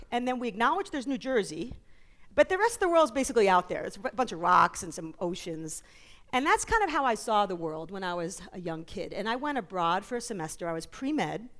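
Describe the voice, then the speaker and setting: On a conference stage, a woman from New York, USA, an author and psychologist appearing as a guest, speaks at a middle pitch in a conference interview talk. She tells stories animatedly, dropping in quick jokes and asides.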